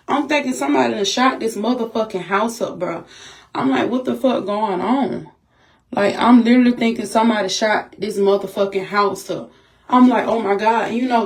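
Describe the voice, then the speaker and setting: A woman's voice: medium pitch, darkish tone. A woman venting to her vlog viewers in an agitated, profane, repetitive rant, shaken and upset. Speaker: vlogger.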